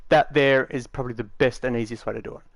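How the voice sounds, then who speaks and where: A man's voice: medium pitch, steady tone, fast, no room sound, studio quality. Casual rambling man talking over a tutorial. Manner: rambling, matter-of-fact, with frequent fillers. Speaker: game tutorial maker. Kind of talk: casual screen-recorded tutorial.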